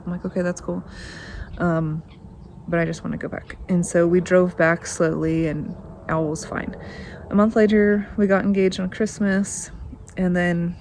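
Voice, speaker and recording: Brief: woman vlogger in her 30s, low-ish voice, chatty storyteller with faint noise behind. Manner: rambling, animated, acts out quotes, laughs often. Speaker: vlogger telling family stories. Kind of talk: casual storytelling to camera.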